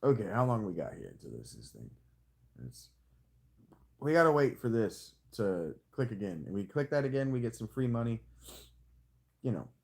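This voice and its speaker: A male streamer talks through his strategy game in a loose, joking ramble. His pitch swings widely, from low mutters to sudden squeaky jumps. He slips into a hammed-up hick drawl as he goes. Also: big pitch swings, moderate pace, vocal fry, pauses often, a little mellow. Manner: rambling, jokey self-talk with sudden high squeaks; playfully hamming a hick drawl. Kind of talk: casual live-stream commentary.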